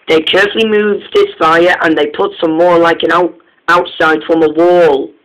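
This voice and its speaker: A man reading a children's train story aloud, halting, with frequent restarts and slips. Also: on the high side, little pitch movement, fairly bright tone, low-quality recording.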